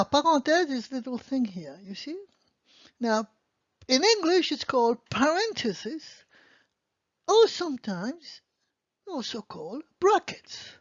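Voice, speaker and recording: A woman with a fairly high-pitched voice teaches beginner French grammar online, patiently explaining and responding to her own questions. There's no echo, and the recording sounds dull, lo-fi and dry.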